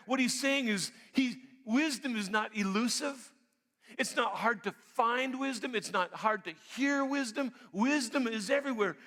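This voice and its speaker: A male pastor preaching a sermon in a church sanctuary, emphatic and swinging between loud and quiet. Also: high-pitched. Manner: emphatic preaching, rising loud on key points then dropping quiet. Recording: reverberant church hall.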